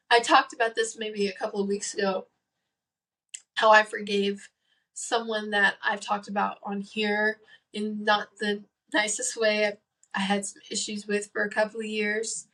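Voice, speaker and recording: Teen girl host, higher voice, sincere faith advice, sits a little off the mic. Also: fairly bright tone, far from the mic, poor audio. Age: late teens. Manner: earnest, emphatic, repeats key phrases. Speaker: podcast host. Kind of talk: faith-based advice podcast.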